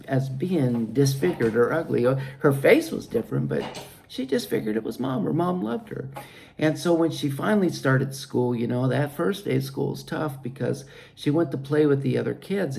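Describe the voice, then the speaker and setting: Gravelly, earnest children's teacher, a man. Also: a little high, darkish tone, a little hiss or hum. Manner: earnest, addresses listeners as "you guys". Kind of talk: storytelling Bible lesson for children.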